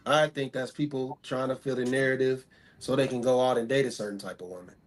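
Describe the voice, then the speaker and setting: A man's voice: medium pitch, steady tone, fast talker. A man speaking as a talk show guest, stating firm, repetitive opinions about women in casual talk.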